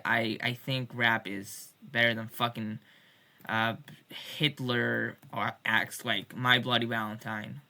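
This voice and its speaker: A woman's voice: very deep voice, sharp tone. A woman recording a casual video diary, rambling about music with many restarts and joking swears. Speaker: music fan.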